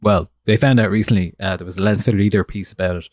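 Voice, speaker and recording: A man's voice: lowish voice, steady tone, fast, darkish tone. An Irish man hosting a music podcast in casual chat, telling stories and often laughing. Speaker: podcast host.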